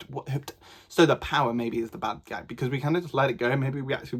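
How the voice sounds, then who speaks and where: Excitable man gushing about a book. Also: mid-range voice, quick pace, breathy edge. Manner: gushing, excitable, rambling with fillers. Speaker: book reviewer. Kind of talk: casual book review chat.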